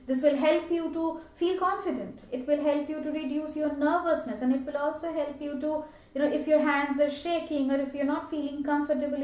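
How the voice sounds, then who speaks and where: A woman's voice: high voice, dark tone. A young woman giving an earnest lesson on body language, talking to camera and demonstrating gestures as she goes. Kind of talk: instructional talk to camera. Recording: roomy, dull lo-fi sound.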